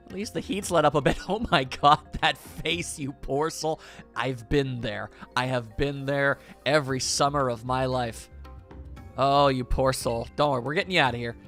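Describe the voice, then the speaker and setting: A man's voice: mid-range voice, moderate pace, fairly bright tone, soft background music. A young man giving playful, chatty let's-play commentary and talking to the game. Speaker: video game streamer.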